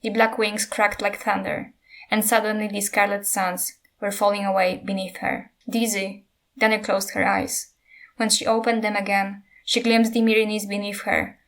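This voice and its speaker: A woman reads a fantasy novel aloud, steady and unhurried. Her pitch sits in a middle range and barely moves, giving the passage a flat, even telling. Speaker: narrator.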